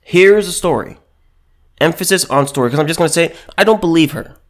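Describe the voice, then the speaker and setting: A man's voice: fairly high pitch, very fast. A man giving opinionated video commentary and reading news aloud, emphatic and repeating himself, with many restarts.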